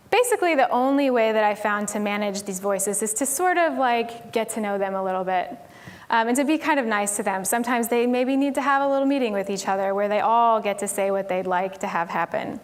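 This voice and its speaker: On stage at a conference, a woman from Tennessee gives a casual, chatty talk peppered with "like" and "um." Her voice is a little high and her pace moderate.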